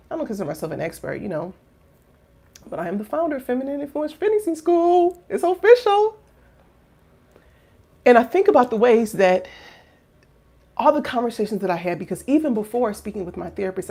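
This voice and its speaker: Her voice is medium-pitched, gravelly, and edged with breath. Speaking casually and sincerely to camera, this thirtysomething life coach and finishing school founder moves between quiet reflection and loud outbursts, leaning heavily on fillers and rhetorical questions.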